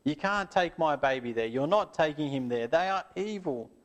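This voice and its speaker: A man reading a story voices a fierce, protective village mother who shouts defiantly. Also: on the high side, animated, moderate pace, natural voice.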